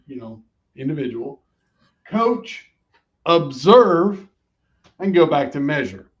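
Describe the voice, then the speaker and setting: A man speaking in a middle-pitched voice, laying out his ideas emphatically and one step at a time in a conversational podcast. The recording sounds dull and lo-fi, as if the sound has been muffled. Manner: emphatic, explains points step by step.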